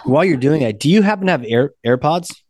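A man's voice: on the high side, expressive, quick pace, darkish tone, no room sound, clean studio sound. A man hosting a podcast over a video call, chatting casually and answering in short, upbeat affirmations. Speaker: podcast host.

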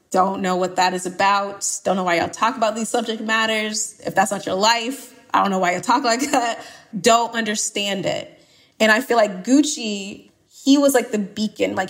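A woman from Atlanta with an American accent, a podcast guest talking casually in an emphatic, animated way with playful exaggeration. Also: mid-range voice. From Atlanta, USA. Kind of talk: casual conversation.

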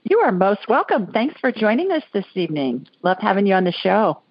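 A woman's voice: medium pitch, big pitch swings, a little fast, breathy edge, no room sound, dull audio. A woman from Alabama hosting a call-in radio show, talking in a chatty, folksy way. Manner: chatty, folksy, laughs easily. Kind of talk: casual call-in chat.

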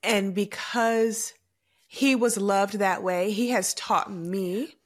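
A woman's voice: mid-range voice, steady tone, slow. Earnest woman in heartfelt podcast chat. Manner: earnest, reflective, emotional. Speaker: podcast co-host.

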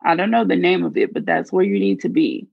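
Narrator voicing a blunt, sure aunt. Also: female voice, on the low side, very animated, fairly quick, creaky, dry recording, narrow, tinny audio, exaggerated voice. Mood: certain. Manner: blunt, certain. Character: blunt self-assured aunt, middle-aged woman.

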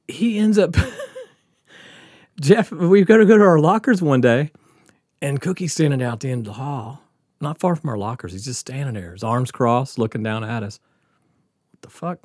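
A man's voice: on the high side, darkish tone, no room sound, studio quality. A man casually telling a profane, laughing story from his school days on a podcast.

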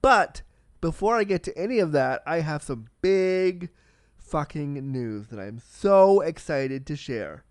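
A man hosting a solo podcast in a casual, candid and excitable way, swearing freely and talking with a slight cold. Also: a little high, a little slow, no echo, clean studio sound. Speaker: podcast host.

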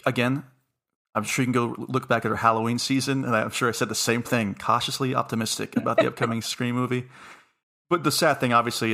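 A man's voice: medium pitch, gravelly, bright, forceful tone. A man hosting a casual podcast chat, musing aloud and laughing between points. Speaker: podcast host.

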